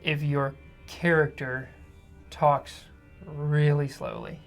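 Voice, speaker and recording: Man, podcast co-host, casual chat, quick talker, soft music behind. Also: a little high, huge pitch swings, gravelly. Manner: fast talker.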